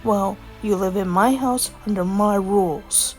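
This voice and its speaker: A woman's voice: mid-range voice, a little slow, a little mellow, soft background music, natural voice. A woman voicing a firm, scolding father in a children's story. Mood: stern. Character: stern strict father, patient but firm.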